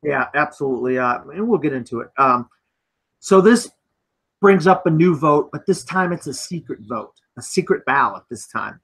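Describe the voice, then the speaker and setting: A man's voice: fairly high pitch, expressive, normal speed, fairly bright tone, slightly rough. A man hosting a casual film discussion, recapping the plot and leading the talk. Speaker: podcast host.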